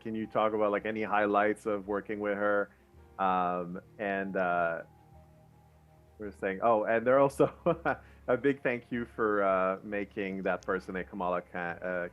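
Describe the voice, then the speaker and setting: A man hosting a casual interview, relaxed, passing on audience messages. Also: on the low side, unhurried, highs cut off, soft background music. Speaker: host.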